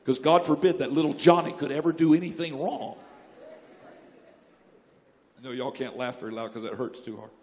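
A man preaching a sermon, telling jokes and stories and breaking into sudden loud outbursts. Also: medium pitch, moderate pace, long pauses. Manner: joking, animated storytelling with sudden loud outbursts. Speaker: pastor. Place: church sanctuary. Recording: long church hall reverb.

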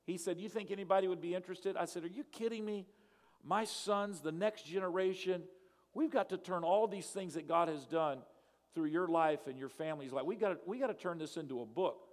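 A male pastor tells a story from the pulpit, acting out both sides of the dialogue with animated flair. His voice sits a little high for a man and rings with the long reverb of a church hall. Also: fairly quick. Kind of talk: sermon storytelling.

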